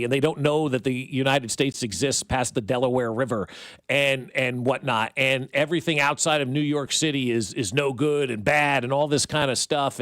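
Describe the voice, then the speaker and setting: A man's voice: medium pitch, dry recording. Brief: middle-aged male sports radio host, opinionated and ranting, dry close studio sound. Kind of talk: morning sports talk radio banter.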